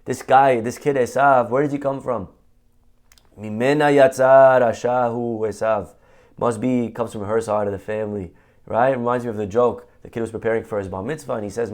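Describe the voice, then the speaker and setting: A rabbi gives a casual, conversational Torah class, full of rhetorical questions. His voice sits at an ordinary middle pitch for a man. He often quotes Hebrew sources mid-sentence. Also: fairly even intonation, moderate pace, a little mellow. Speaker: rabbi teaching.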